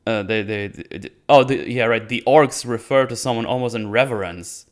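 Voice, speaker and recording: A man's voice: mid-range voice, normal speed. A man giving casual spoken commentary as a reviewer, sarcastic and rambling, often breaking into laughter. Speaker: video reviewer.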